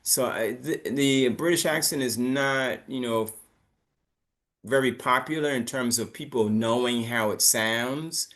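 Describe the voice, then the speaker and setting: A man's voice: medium pitch, a little slow, fairly bright tone. A man teaching an English pronunciation lesson, coaching students and repeating words for them to copy.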